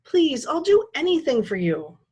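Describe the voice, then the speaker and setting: A woman's voice: sits high, very animated, normal speed, darkish tone, voice pushed up. A woman voicing a frightened young boy who pleads desperately.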